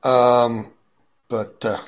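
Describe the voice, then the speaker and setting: A man's voice: medium pitch, flat delivery, drawn-out words. A man hosting a casual group chat, rambling with many fillers and restarts.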